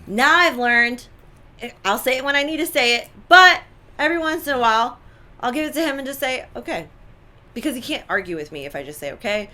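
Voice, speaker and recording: Bright, emphatic woman co-host. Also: high-pitched, fairly quick. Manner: animated, emphatic, repeats herself. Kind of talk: casual chat.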